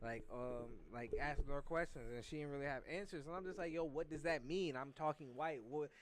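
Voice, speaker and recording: Young male co-host, slightly high voice, halting storyteller. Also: noisy background. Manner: storytelling, repeats words when starting. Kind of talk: casual chat.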